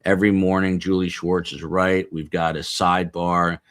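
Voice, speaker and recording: Reading out viewer locations between jokes, this live stream host has a deep voice with a flat delivery, moderate pace and fairly bright tone. He rambles casually from a small office next to a studio, and the audio is studio-clean with no room sound.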